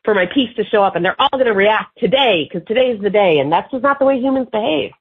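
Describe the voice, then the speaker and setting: A woman guest in an interview, telling marketing anecdotes in an animated, casual way and acting out the people in them. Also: mid-range voice, quick pace, slightly rough. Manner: animated anecdotes with lively quoted voices. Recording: tinny phone-like line.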